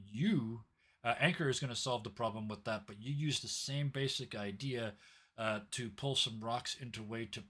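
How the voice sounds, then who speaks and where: A man's voice: lowish voice, a bit bright. A young adult man narrating a tabletop game as game master, storytelling with added sound effects.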